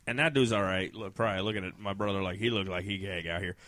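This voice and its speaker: A man's voice: sits low, fairly even intonation, fast talker, fairly bright tone, dry recording. A man telling a casual story, often laughing and acting out what other people said.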